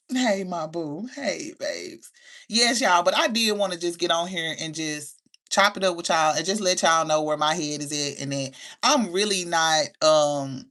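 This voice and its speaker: A woman with grandchildren hosting a loose, chatty livestream, with a gravelly edge in her lowish voice. She reads viewer comments aloud, laughs a lot and talks openly with her audience. She sounds emotional after crying, and her tone is bright and pressed. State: emotional, has been crying. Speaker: livestream host. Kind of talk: casual livestream chat.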